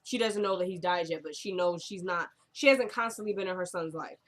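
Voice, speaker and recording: A woman with a lowish voice briskly recaps a TV drama episode in a casual, chatty way full of fillers. As she retells scenes, she acts out the characters' lines.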